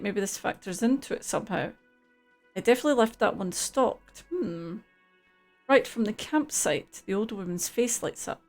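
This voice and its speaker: A woman's voice: on the high side, gravelly. A woman streamer reading video game dialogue aloud, with dry, wry asides.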